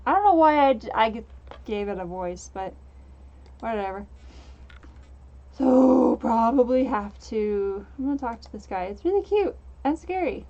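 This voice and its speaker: Woman, let's play host, giggly chatty commentary, high voice, dull lo-fi mic. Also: lively intonation, measured pace, warm tone. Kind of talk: casual game commentary.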